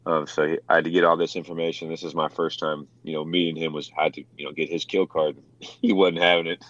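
With an extremely low voice and a fast delivery, a young man who served as a Marine shares war stories as a veteran guest. His talk is casual and profane, and he animatedly acts out other people's quotes complete with swearing. The audio sounds dull.

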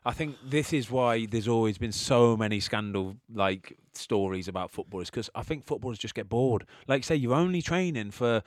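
A man's voice: medium pitch, animated, normal speed, hardly any pauses, dry recording, studio quality. A man, chatting casually as a podcast host and repeating points for emphasis.

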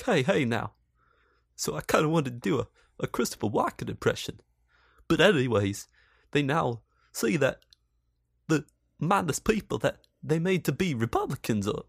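A man's voice: a little high, vocal fry, slightly rough, no room sound, clean studio sound. A man giving casual, sarcastic movie commentary, swearing freely and laughing often. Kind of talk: casual film review commentary.

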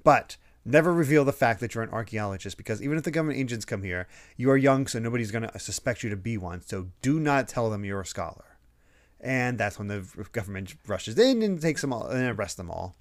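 A man hosting a podcast, chatting casually about a manga and jumping into quick voices when he retells scenes. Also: medium pitch, animated. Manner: chatty, often slips into quick quoted character voices. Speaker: podcast host. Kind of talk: casual chat recapping a manga.

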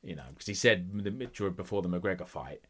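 A man's voice: sits low, animated, moderate pace, a bit bright. A man co-hosting a casual boxing podcast, opinionated and swearing freely as he rants. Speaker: podcast co-host.

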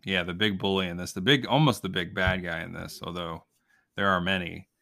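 A man with a bright, forceful voice that sits a little low. He chats casually on a podcast, recapping a film in a loose, rambling way with lots of restarts. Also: steady tone, normal speed, vocal fry. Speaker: podcast co-host. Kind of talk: casual movie-review chat.

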